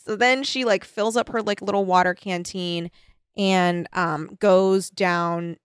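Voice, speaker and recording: Young female co-host, animated storyteller, dry close sound. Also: mid-range voice, slow pace, clear, resonant tone, no echo. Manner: animated, giggly, acts out quotes. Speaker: podcast co-host. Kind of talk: casual chat recapping a book.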